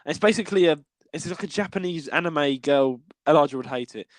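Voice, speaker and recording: A young British man co-hosting a podcast in casual chat, giggly and animated, often stumbling over restarts. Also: a little high, fast, no room sound. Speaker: podcast co-host.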